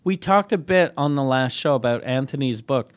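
A man co-hosting a casual podcast, relaxed and profane, laughing often. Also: mid-range voice, normal speed. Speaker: podcast co-host. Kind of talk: casual chat.

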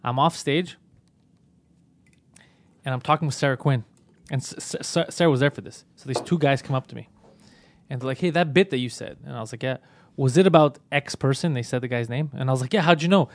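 A man who does stand-up comedy, telling stories in a casual podcast chat, profane and animated. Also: mid-range voice, fairly quick, long pauses. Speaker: podcast host.

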